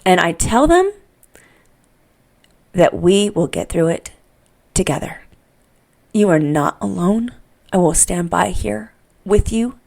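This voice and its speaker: A woman's voice: on the low side, animated, slow, vocal fry, long pauses, a little mellow. A middle-aged woman hosting a parenting podcast, speaking unscripted and earnestly, often repeating herself as she searches for words. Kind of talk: unscripted heartfelt podcast monologue.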